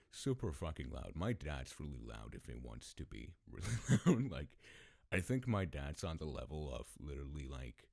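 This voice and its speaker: A man with a deep voice telling stories casually as a podcast host, laid-back, swearing freely and laughing often. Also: gravelly, dry recording, studio quality. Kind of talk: casual storytelling.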